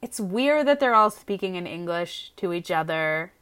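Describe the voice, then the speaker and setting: Woman, casual podcast co-host, frank and rambling, a bit low in pitch. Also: animated, normal speed, a bit bright, smooth. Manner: hedging, filler-heavy, frank. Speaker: podcast co-host reviewing a TV show. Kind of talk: casual chat.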